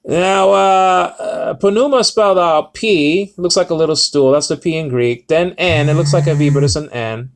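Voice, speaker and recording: A man's voice: on the high side, moderate pace, few pauses. Rambling man teaching Greek words. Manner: rambling, self-correcting, many fillers. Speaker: Bible teacher. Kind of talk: casual Greek word lesson.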